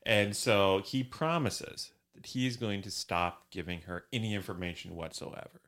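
A man co-hosting a podcast, talking about a film in a measured way, asking questions with dry humor. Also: lowish voice, fairly bright tone. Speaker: podcast co-host. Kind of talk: casual film discussion podcast.

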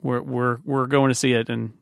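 A man hosting a casual podcast chat, easygoing and halting, often restarting his sentences. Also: medium pitch, little pitch movement, creaky, clean tone, no room sound, clean studio sound. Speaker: podcast host.

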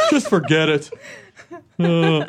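Joking, lively man hosting. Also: fairly high pitch, very noisy. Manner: joking, quick questions. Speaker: host. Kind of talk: casual chat.

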